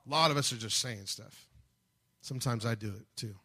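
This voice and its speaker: A man preaching a sermon, building from calm teaching to fervent shouted passages. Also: medium pitch, fairly quick, slightly rough. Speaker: pastor.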